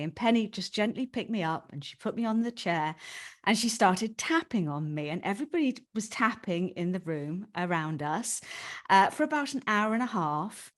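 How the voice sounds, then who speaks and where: A woman's voice: mid-range voice, expressive, moderate pace. A woman hosting a podcast, telling a personal story to her guest in a candid, emotional way and swearing casually. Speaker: podcast host.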